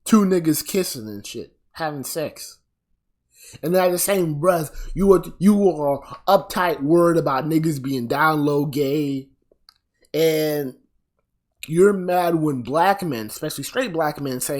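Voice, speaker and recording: A man's voice: a little high, measured pace, darkish tone. A man delivering a blunt, profane commentary rant, sounding exasperated and weary. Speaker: commentary vlogger.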